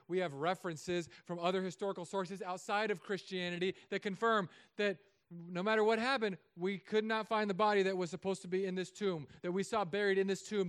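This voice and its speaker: A man preaching a sermon as a pastor, telling stories with self-mocking humor and often dropping to soft, quiet tones. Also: high voice, clear, resonant tone.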